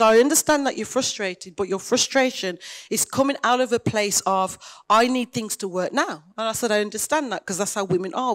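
A woman pastor, preaching a sermon in a conversational way and retelling dialogue with lively emphasis. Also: medium pitch.

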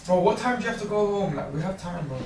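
A man's voice: high-pitched, lively intonation, quick pace, recorded from a distance. A young man, defensive and brushing off complaints, recorded indoors off mic. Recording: echoey room, off mic, noisy.

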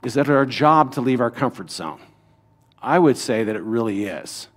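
A man's voice: mid-range voice, expressive, moderate pace. A middle-aged man, a pastor, teaching a Bible lesson to his congregation in a conversational way, with rhetorical questions and frequent "right?" asides.

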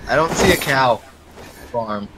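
A man's voice: medium pitch, expressive, unhurried, background noise. A man playing as a squad teammate, teasing and singing along in casual chat. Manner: playful, teasing, sings along. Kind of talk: casual gameplay chat with friends.

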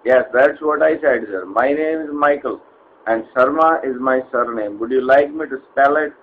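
A man's voice: mid-range voice, normal speed, phone-quality sound, a little hiss or hum, lightly acted. A man playing a polite Indian call center agent. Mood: politely formal. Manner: polite, formal, hesitant with fillers. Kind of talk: comedy sketch.

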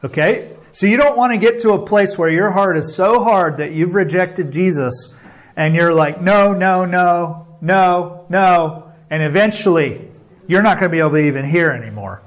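A male pastor preaching with a notably high-pitched voice. He is earnest and exhorting, and keeps checking in with his listeners with a quick "okay?" or "right?". He builds emphasis by repeating phrases over and over. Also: animated. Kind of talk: sermon.

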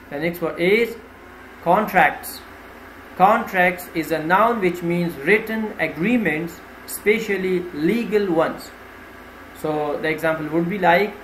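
A man teaching vocabulary, reading out each word with its meaning and an example sentence in a slow, deliberate way, pointing out which syllable to stress. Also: sits high, fairly bright tone. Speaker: English teacher. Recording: roomy with faint ambient noise.

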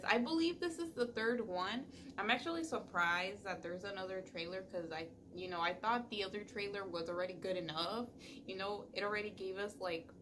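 A young woman hosting her own reaction vlog, chatting casually and breaking into loud, gushing exclamations. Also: mid-range voice, background noise. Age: young adult. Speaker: reaction video host. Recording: music playing behind her.

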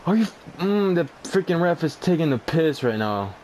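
A young man giving live commentary over his own gameplay, excitable, shouting and swearing at the game. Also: a little high, moderate pace. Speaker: gamer.

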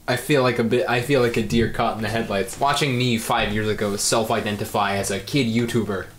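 A man's voice: lowish voice, fairly even intonation, a little fast. A young man in his late teens giving a dry, self-mocking reaction commentary with sarcastic asides. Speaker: video creator.

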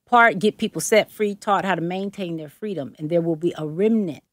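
A woman's voice: on the low side, moderate pace, no room sound. A woman from the Bay Area with a Southern Atlanta twang, a prophetess guest speaking emphatically and preacherly, repeating her phrases. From Oakland and Berkeley, California. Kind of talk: casual interview talk.

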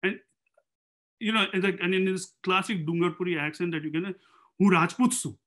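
A man's voice: sits high, fairly even intonation, fairly quick, bright, forceful tone. A man speaking as a panelist in an academic seminar, thinking aloud in a discursive way and posing rhetorical questions.

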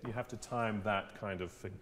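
A man's voice: on the low side, normal speed. A man leading a singing masterclass, coaching a student and acting out lines as he goes. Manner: animated, demonstrates lines by half-singing them. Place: theatre stage. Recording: long hall reverb.

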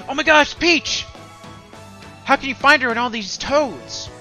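A man calling out a game in loud, excitable let's-play style, gasping and cracking crude sarcastic jokes. His voice leaps around, bright and punchy, with faint game music underneath. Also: very high voice, slow pace. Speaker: gaming streamer.

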